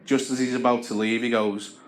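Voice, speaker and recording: A man's voice: medium pitch, level tone, a little fast. A man doing a stand-up routine of dry, self-deprecating stories on a comedy club stage. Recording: echoey club with crowd laughter.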